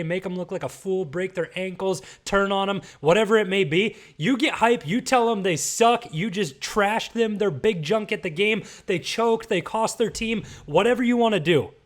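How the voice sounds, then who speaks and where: Emphatic man lecturing on a podcast. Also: sits high. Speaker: podcast host. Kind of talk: casual commentary rant.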